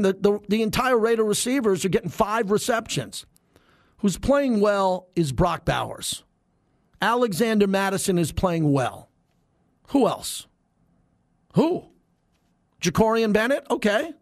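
Sports radio host, man, middle-aged, brash and fired up, high voice, dry close mic. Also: no echo. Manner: brash, heated, rhetorical questions. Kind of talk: sports talk radio monologue.

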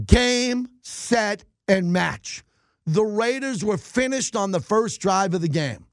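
A middle-aged man rants through a sports talk monologue with emphatic, animated energy. His voice sits high for a man. The sound is dry and close, with no room around it. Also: no echo. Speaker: sports radio host.

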